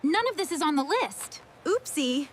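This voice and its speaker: A woman's voice: sits high, sing-song, normal speed, a little hiss or hum. Mono, a woman voicing a chirpy little monkey. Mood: busy. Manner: eager, chirpy, talks to himself. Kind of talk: children's cartoon voice acting.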